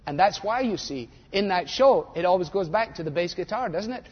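An older man preaching a sermon, animated and sarcastic, mimicking voices to make his points. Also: high voice, a little fast, hardly any pauses, slightly rough. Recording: dull lo-fi audio in a reverberant hall.

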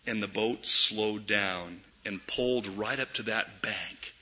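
A man preaching a sermon, swinging from loud emphatic peaks to hushed low asides. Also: fairly even intonation, measured pace, hardly any pauses. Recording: dull lo-fi recording.

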